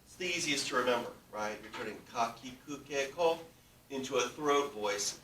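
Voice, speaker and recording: A male language teacher runs a classroom lesson, walking through material step by step and often checking that his students are keeping up. His medium-pitched voice is a bit bright, with lively intonation and a moderate pace. The recording sounds roomy and distant, with faint background noise.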